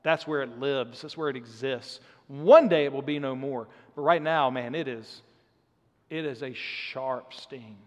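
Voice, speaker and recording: A man's voice: medium pitch, measured pace. A man in his thirties preaching a sermon in a conversational, earnest way, often dropping in "man" as he talks to the congregation. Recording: long hall reverb.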